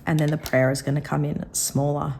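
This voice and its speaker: A woman with a slightly rough, coughing throat, chatting casually as she reviews a pen. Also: sits low, flat delivery, brisk, a little hiss or hum. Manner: chatty, rambling, softly admiring. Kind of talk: casual product review vlog.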